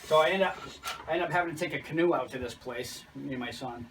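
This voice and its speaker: Talking fast in a medium-pitched voice, this chimney sweep explains the job casually and livens it up with animated stories. The mic is some distance away, and outdoor noise fills the background.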